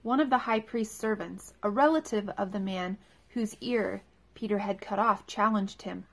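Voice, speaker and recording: A woman reading scripture aloud in a church service, clear and measured. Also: mid-range voice. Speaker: scripture reader.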